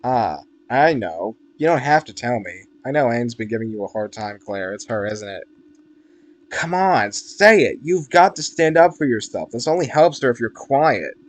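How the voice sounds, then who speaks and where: A man's voice: mid-range voice, lively intonation, normal speed, close to an everyday voice. A man reading the lines of a blunt, bossy teenage girl in a visual novel, brusque and pushy.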